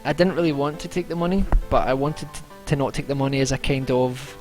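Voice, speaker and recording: A man's voice: medium pitch, fairly even intonation, fast talker, few pauses. A young man giving chatty, casual commentary as he plays a video game at home, muttering to himself as he goes. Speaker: let's play gamer. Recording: game music loud behind.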